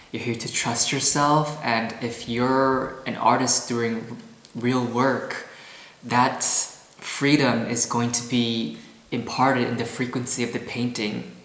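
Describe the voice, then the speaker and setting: A man's voice: medium pitch, fairly bright tone, roomy sound, rough recording. A man vlogging and talking about painting in a loose, musing way, full of "like" and "you know", indoors in a townhouse. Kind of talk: casual vlog talk. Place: indoors in a townhouse at an artist residency.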